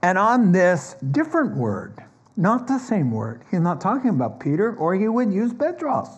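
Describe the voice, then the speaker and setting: A man's voice: wildly swooping pitch, moderate pace. A man preaching a sermon as pastor, earnest and emphatic, explaining scripture step by step in a conversational teaching tone. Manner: earnest, emphatic preaching that climbs higher and louder on key points. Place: church.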